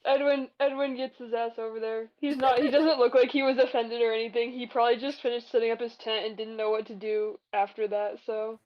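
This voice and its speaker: Woman player, slightly high voice, hesitant, dull lo-fi mic sound. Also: level tone, brisk, hardly any pauses. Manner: hesitant, with many ums and okays. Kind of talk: tabletop game play.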